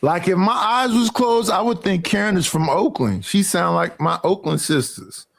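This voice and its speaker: High-voiced man musing slowly in a chat. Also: expressive, creaky. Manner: drawling, searching for names with many fillers. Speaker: podcast co-host. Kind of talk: casual group chat.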